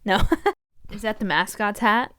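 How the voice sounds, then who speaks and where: A woman's voice: mid-range voice, unhurried, sharp tone, smooth, no echo, clean studio sound. A woman from the United States co-hosting a casual chat, reacting with giggles and enthusiasm. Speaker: co-host.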